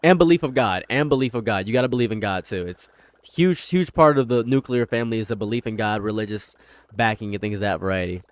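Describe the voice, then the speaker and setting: A man's voice: on the low side, fast. A young man chatting casually on a livestream from his room at home, rambling, repeating himself and mocking people. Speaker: streamer.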